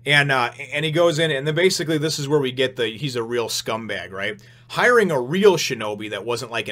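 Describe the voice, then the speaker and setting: A man hosting a casual manga chapter review, talking excitably and rambling with lots of "you know" and "right?", now and then acting out the characters' lines in a raised voice. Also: mid-range voice. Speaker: host of a manga review channel.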